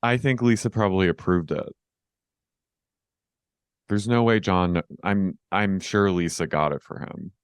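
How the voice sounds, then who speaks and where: A man's voice: low voice, a little slow, long pauses, clean tone, no room sound, clean studio sound. A man co-hosting a podcast, chatting casually and gossipy about reality TV, rambling with lots of fillers. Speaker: podcast co-host. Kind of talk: casual reality-TV recap chat.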